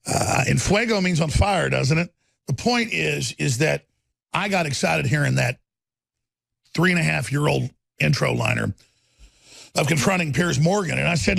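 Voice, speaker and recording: Gravelly ranting talk show host man. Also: fairly high pitch, fairly bright tone, dry recording. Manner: rambling, impassioned ranting. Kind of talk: radio talk show monologue.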